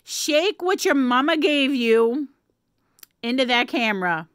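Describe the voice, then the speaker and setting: Woman vlogger, playful chatty delivery, unhurried, dry close sound. Casual to-camera read. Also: sits high, expressive, clean tone, no echo. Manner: playful, laughs often, drops to whispers.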